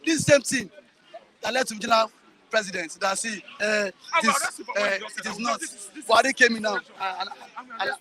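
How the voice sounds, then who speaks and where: A Nigerian man arguing politics forcefully, talking over others and repeating himself. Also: sits high, normal speed. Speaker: interviewee. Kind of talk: heated political argument.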